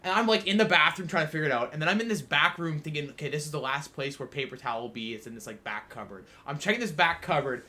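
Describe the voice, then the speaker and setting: A man's voice: a little high, expressive, fast talker, hardly any pauses, sharp tone. Rambling young man telling a story. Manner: rambling, filler-heavy anecdote telling. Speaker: podcast co-host. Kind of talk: casual storytelling chat.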